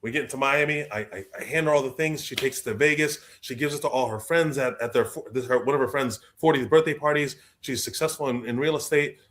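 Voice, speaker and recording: A young adult man, a guest author telling stories in a lively way, acting out the people he quotes. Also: medium pitch, fast, hardly any pauses. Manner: expressive, acts out quoted voices, repeats words. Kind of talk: animated storytelling in conversation.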